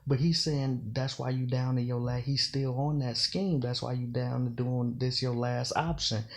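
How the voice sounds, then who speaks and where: A man's voice: mid-range voice, fairly even intonation, moderate pace. A man giving casual commentary on battle rap, explaining slang and double meanings and often saying "you know". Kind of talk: casual bar breakdown commentary.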